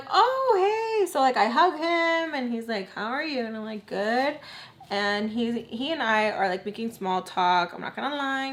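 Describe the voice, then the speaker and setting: A young woman casually telling a storytime while doing her makeup, full of "like" and acting out what people said. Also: medium pitch. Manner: chatty, heavy use of "like", acts out quoted voices. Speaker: storytime vlogger.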